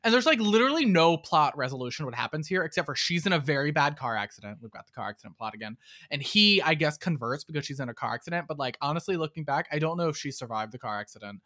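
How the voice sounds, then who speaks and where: A man co-hosting a podcast, recapping a movie in casual chat, sarcastic and often mock-quoting in a flat undertone. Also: on the high side, fast talker. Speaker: podcast co-host.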